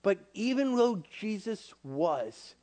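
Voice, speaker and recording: A young man preaching to a youth group, casual and animated, acting out bits of dialogue with many fillers. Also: high-pitched, slow pace. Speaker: youth pastor. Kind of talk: sermon to young people.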